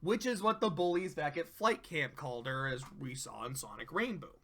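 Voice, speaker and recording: A man's voice: a little high, expressive, normal speed, bright, forceful tone. A man reviewing cartoon episodes in a casual, rambling way, frank and profane, with many fillers.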